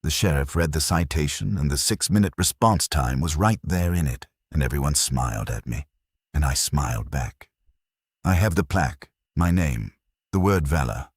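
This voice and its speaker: A man with an unusually deep, heavy voice tells a horror story in the first person, slow and grave like a confession. His intonation is lively and his voice has a breathy edge. The recording is dry and close-miked with no room echo.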